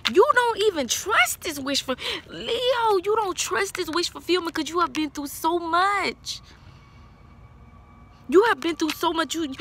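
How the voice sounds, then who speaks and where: Blunt, animated woman tarot reader. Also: high-pitched, a little hiss or hum. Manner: blunt, profane, scolding then reassuring. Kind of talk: casual tarot reading vlog.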